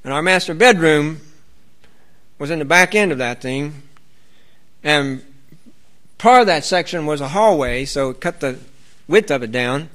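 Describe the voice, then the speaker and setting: Male preacher, bright, fairly high voice, earnest and rambling, reads scripture aloud. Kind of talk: sermon.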